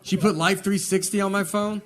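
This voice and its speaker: A man from Tennessee with a Southern American accent performing a stand-up comedy routine, telling rambling deadpan stories. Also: high-pitched, normal speed, a faint crowd. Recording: noisy live show audio. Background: audience laughter.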